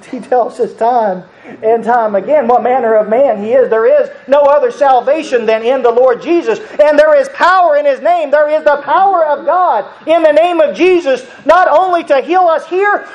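A preacher giving an earnest, repetitive sermon, often breaking into soft chuckles. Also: high-pitched, normal speed, poor audio.

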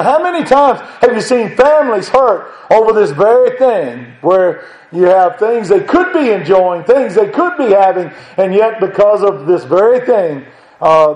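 Male preacher, high voice, emphatic sermon delivery, echoey sanctuary sound. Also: darkish tone. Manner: rising to emphatic high-pitched exhortation. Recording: echoey room.

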